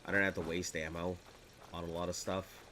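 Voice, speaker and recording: Deep-voiced sick man chatting over gameplay. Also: flat delivery, brisk, background noise. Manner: rambling, chatty, jokey asides. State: sick, a bit congested. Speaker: gaming streamer. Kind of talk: casual gameplay commentary.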